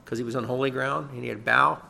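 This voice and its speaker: A man's voice: mid-range voice, fairly even intonation, quick pace, vocal fry, pushed and bright, slight background noise. A man preaching a sermon as a pastor, earnest and emphatic, often repeating a word as he builds a point. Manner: earnest preaching with rising emphasis, occasional chuckles and repeated words.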